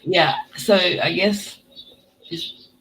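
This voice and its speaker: A woman's voice: lowish voice, extremely slow, a bit bright, a little hiss or hum. A woman hosting a livestream, joking and rambling in casual chat. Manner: jokey, rambling, self-mocking. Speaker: host.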